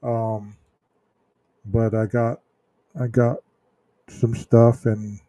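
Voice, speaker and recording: A man hosting a true crime livestream, chatting casually with viewers in a slow, rambling way full of ums and restarts. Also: medium pitch, level tone, mellow, dry recording. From Texas. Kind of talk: casual livestream chat reading viewer comments.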